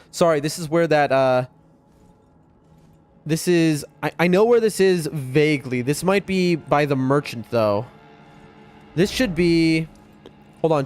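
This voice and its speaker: A young man streaming a game, chatting excitably to his viewers as he plays. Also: fairly high pitch. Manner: chatty, excitable, often addresses chat. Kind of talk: live gameplay commentary to chat. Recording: faint music behind voice.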